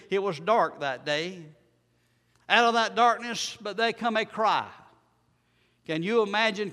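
A male preacher, delivering a sermon with repeated rhetorical questions and dramatic swings from loud to soft. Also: high-pitched. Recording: long hall reverb.

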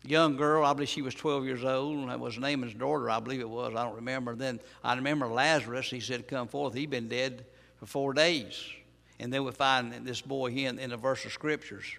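A male pastor delivers a sermon with a gravelly, mid-pitched voice. He drives his points home through repetition and rhetorical questions. The sound rings out with a long echo in a church hall. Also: steady tone, fairly quick, a bit bright.

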